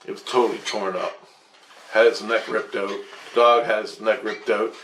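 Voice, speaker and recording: A man's voice: fairly low pitch, level tone, moderate pace, fairly bright tone. A man telling a rambling, profane story about his dreams, casual and agitated. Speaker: vlogger recounting dreams. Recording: echoey room with faint noise.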